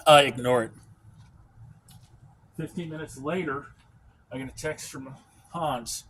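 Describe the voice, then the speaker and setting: An American man telling a work story as a casual, profane, animated rant. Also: medium pitch, a little slow, long pauses, a little hiss or hum. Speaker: field service technician.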